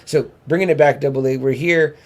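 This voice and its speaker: A man's voice: on the high side, steady tone, fairly quick, darkish tone. A man co-hosting a podcast in casual chat, talking with enthusiasm and swearing freely. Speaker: podcast co-host. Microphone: podcast microphone.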